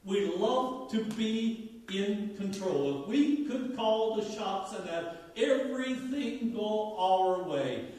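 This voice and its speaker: Newfoundland man preaching casually, quizzes the congregation; high-pitched, recorded from afar in a roomy church. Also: animated, slow, a little mellow. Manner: folksy, chatty, asks the congregation questions. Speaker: pastor. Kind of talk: conversational sermon. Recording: echoey church hall, mic far off.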